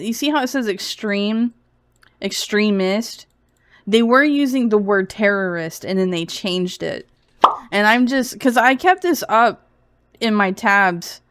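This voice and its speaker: A woman's voice: medium pitch, fairly bright tone, clear, resonant tone, dry recording, clean studio sound. Sarcastic giggly woman streamer. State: feverish. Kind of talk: casual sarcastic commentary stream.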